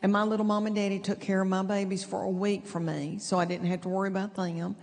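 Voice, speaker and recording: A middle-aged stand-up comedian from East Tennessee, Southern accent and all, tells drawn-out, chatty stories at her own expense. Her medium-pitched voice stays level and has a darkish tone. The setting is a large theater stage with an audience, recorded with long hall reverb and clear audience ambience.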